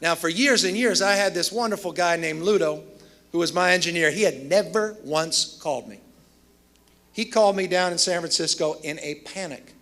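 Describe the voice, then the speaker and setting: A man's voice: sits high, normal speed, fairly bright tone. A man delivering a commencement speech, telling emphatic stories with self-deprecating humor. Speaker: commencement speaker.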